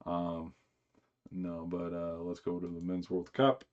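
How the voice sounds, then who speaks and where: A man with a very low voice talks casually on a live stream, rambling with fillers and restarts. The sound is dull and slightly muffled. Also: completely flat delivery, a little slow, a little mellow.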